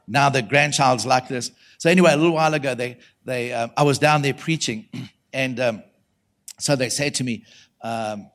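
Animated South African male preacher. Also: medium pitch, fairly quick. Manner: animated, acts out the voices in his stories. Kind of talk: storytelling sermon.

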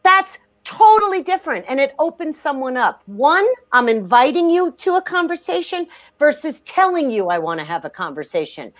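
A woman talking in a podcast interview, emphatic and energetic, often restarting her sentences. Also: high-pitched, normal speed. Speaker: guest.

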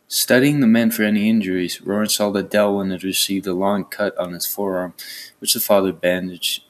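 A man's voice: low voice, fairly even intonation, moderate pace. A man reading a fantasy novel aloud in a plain way, with small stumbles. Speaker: reader.

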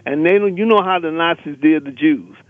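A man's voice: a little high, normal speed, dry recording. A man calling in to a radio show, delivering a fiery, emphatic rant and repeating rallying lists. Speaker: caller. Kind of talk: impassioned radio call-in rant. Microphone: telephone. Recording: tinny phone line.

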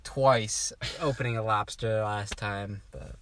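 A man's voice: on the low side, fairly even intonation, slow pace, fairly bright tone. A young man co-hosting a casual podcast from inside a hot car, rambling with enthusiasm about food. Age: young adult. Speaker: podcast co-host. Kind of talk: casual chat.

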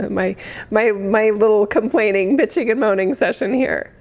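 A woman in her forties, hoarse today, chatting effusively on a livestream, laughing often as she reads comments. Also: medium pitch, fairly even intonation, measured pace, darkish tone, muffled recording. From United States. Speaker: livestream host. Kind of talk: casual livestream chat reading comments.

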